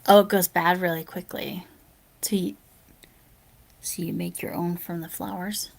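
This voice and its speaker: A woman chatting casually on a late-night livestream, answering viewer comments aloud and often dropping into a soft near-whisper, sleepy and yawning. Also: on the low side, little pitch movement, a little slow, gravelly. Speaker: live streamer.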